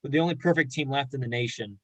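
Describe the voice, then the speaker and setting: A man's voice: mid-range voice, fast, dry recording, low-quality recording. A man co-hosting a casual sports chat, making confident, opinionated picks. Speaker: co-host.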